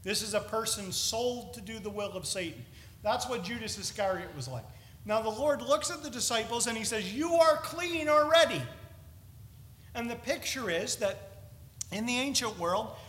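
Male preacher, high and bright, earnest expository sermon, reverberant hall. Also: a little hiss or hum.

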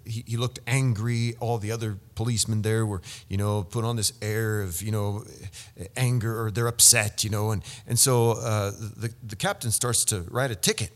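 A man's voice: lowish voice, fairly even intonation, normal speed. A man preaching a sermon, telling a story with many stammered restarts. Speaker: pastor. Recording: long hall reverb.

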